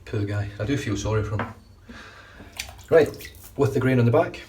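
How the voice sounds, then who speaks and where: In this shaving vlog, a man with a mid-range, darkish voice talks at a moderate pace, chatting loosely as he shaves his head and frequently starting his sentences over. A distant mic picks up faint background noise.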